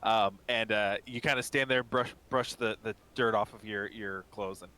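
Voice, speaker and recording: Bright-voiced man running a tabletop game. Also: on the low side, fairly even intonation, moderate pace. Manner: casual, filler-heavy narration. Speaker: game master.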